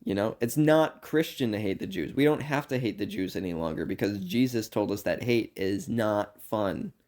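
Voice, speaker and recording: A young man, a university student, delivering a rambling comedic monologue in an earnest, meandering way. He swings between loud outbursts and quiet asides. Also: lowish voice, normal speed.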